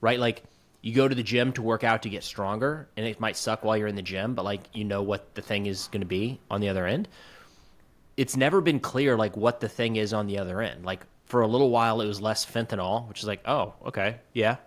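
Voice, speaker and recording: A man's voice: lowish voice, a little fast. A man co-hosting a podcast who talks through his frustration with policy in a searching, conversational way. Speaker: podcast co-host. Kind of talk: conversational political discussion.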